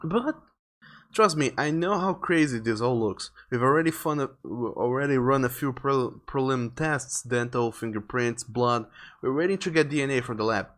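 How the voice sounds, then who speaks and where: A man voicing a weary small-town male detective who talks in a steady, matter-of-fact way. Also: medium pitch, normal speed, lightly acted.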